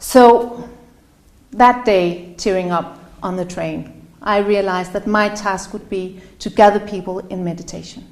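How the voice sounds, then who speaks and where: A woman giving an earnest, halting opening speech to a live audience, her voice catching with emotion at times. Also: mid-range voice, fairly even intonation, a little mellow. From Denmark. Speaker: event host. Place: room in front of a live audience. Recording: roomy echo.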